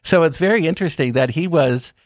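Measured man explaining gently. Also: on the high side, no echo, clean studio sound. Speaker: guest speaker on religious topics. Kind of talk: calm explanatory interview talk.

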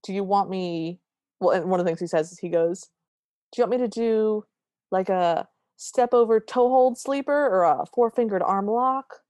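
A woman's voice: medium pitch, moderate pace, no echo. A woman co-hosting a podcast, retelling a movie scene by scene in casual chat and acting out the characters' lines. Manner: animated retelling with quoted lines. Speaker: podcast co-host.

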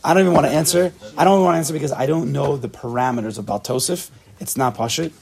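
A man's voice: fairly high pitch, quick pace, gravelly, a little mellow, slightly rough. A man leading a casual Talmud study class, thinking aloud and checking in with his students. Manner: thinks aloud, asks the class questions, laughs at himself.

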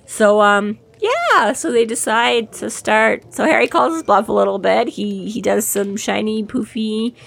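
A woman's voice: mid-range voice, measured pace, creaky, few pauses. A woman chats casually about a novel she has been reading. She retells the story with lots of energy and laughter, slipping into the characters' lines as she goes. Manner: animated, laughing, acts out quotes. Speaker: podcast co-host. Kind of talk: casual chat recapping a book.

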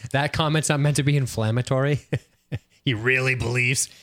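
A man's voice: medium pitch, steady tone, moderate pace, fairly bright tone. A man co-hosting a casual podcast, reading listener comments and joking with loose, profane banter. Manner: laid-back, swears casually, chuckles. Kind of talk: casual chat.

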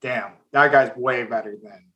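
A man's voice: medium pitch, unhurried, lo-fi sound. A man co-hosting a podcast, talking sports with enthusiasm. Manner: enthusiastic, animated, talks in bursts. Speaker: podcast co-host. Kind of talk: casual sports chat.

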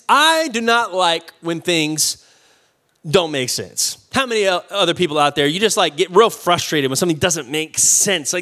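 A man's voice: high voice, lively intonation, moderate pace, bright, forceful tone. A man, preaching a sermon in a conversational storytelling way, with asides to the congregation. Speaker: pastor. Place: church sanctuary.

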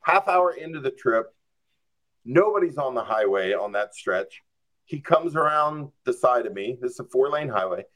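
A man's voice: medium pitch, expressive, normal speed, a bit bright. A man telling a story as a podcast guest, acting out his own reactions with lots of "like.". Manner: frequent "like" and "I'm just like". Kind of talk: casual storytelling.

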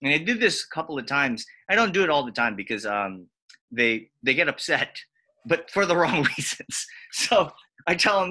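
A man in casual conversation, telling animated stories and acting out what others said. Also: normal speed. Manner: animated, acts out quotes with big pitch jumps. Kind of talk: casual storytelling chat.

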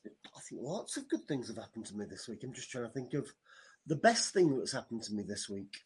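A man's voice: mid-range voice, very animated, brisk, breathy edge. A man on a casual podcast, rambling easily and thinking aloud. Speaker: podcast co-host. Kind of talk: casual chat.

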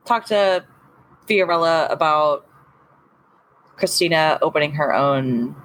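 Lady player, slow and chill, kinda low voice. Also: a bit bright, slight background noise, rough recording. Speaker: player, fellow podcast host. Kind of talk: playing a tabletop game.

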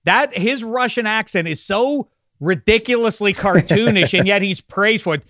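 A man's voice: high voice, normal speed, sharp tone, no room sound, studio quality. A man talking casually as a podcast guest, wry and opinionated. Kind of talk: casual chat.

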